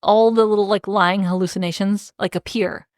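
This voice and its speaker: A young woman co-hosting a podcast, recapping a story in easy casual chat with a mid-range voice. She slips into quick character quotes and swears freely. The sound is close and dry. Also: medium pitch, fairly even intonation, darkish tone, no echo. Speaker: podcast co-host.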